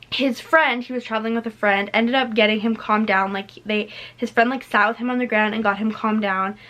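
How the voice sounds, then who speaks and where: Recorded on a camera mic, this teenage vlogger has a fairly high, somewhat bright voice. Her storytime is casual and talky, with "like" and "literally" turning up again and again.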